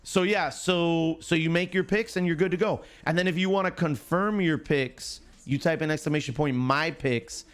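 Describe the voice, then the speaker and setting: Smooth and fairly high-pitched, a man from the US talks at a normal speed with few pauses. He's hosting a live stream about a picks game, casually chatting, greeting viewers by name and teasing them with jokes.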